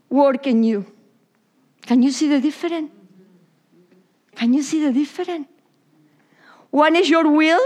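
High-voiced woman preaching in English. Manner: non-native English with Spanish slips, drops to whispers. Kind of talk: sermon.

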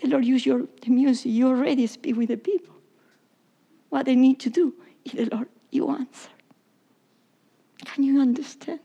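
High-voiced woman preaching in English. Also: fairly even intonation, normal speed, vocal fry, pauses often, warm tone, breathy edge. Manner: non-native English with Spanish slips, drops to whispers. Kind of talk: sermon.

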